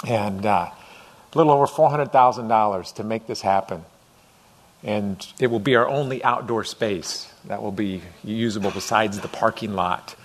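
A middle-aged pastor with a lowish voice preaches a sermon at a normal speed, keeping it conversational. As he goes, he acts out voices with rising intensity. Slight background noise is audible.

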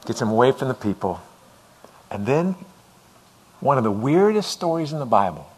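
A man's voice: medium pitch, sing-song, moderate pace, a little mellow, breathy edge. A middle-aged man preaching a sermon as pastor, conversational and acting out voices as he goes. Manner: conversational, acts out voices with rising intensity.

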